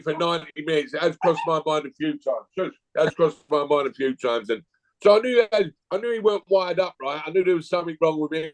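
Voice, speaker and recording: A man's voice: on the high side, poor audio. A man, a guest telling blunt, jokey stories in a casual chat.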